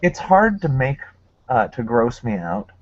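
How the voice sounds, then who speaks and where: A man's voice: mid-range voice, big pitch swings, measured pace, no room sound, lo-fi sound. Laughing man telling a story. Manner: laughing, self-mocking storyteller. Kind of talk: casual chat.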